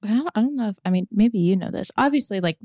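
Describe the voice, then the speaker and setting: A woman co-hosting a casual podcast chat, agreeing often and asking gentle, searching questions. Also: mid-range voice, animated, fast, no room sound, studio quality. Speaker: podcast co-host.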